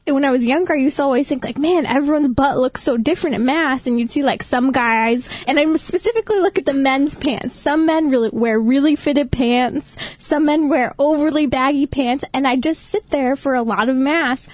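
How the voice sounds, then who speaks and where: A woman's voice: high voice, moderate pace, few pauses, darkish tone, no echo. A woman in casual chat, telling anecdotes and acting out the people she quotes, laughing easily.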